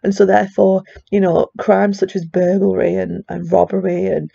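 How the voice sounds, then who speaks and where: A woman's voice: mid-range voice, flat delivery, moderate pace, gravelly, warm tone, slightly rough. A woman with a strong regional English accent gives a chatty classroom lecture, full of fillers and casual asides. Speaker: psychology teacher. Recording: dull, dry lo-fi recording.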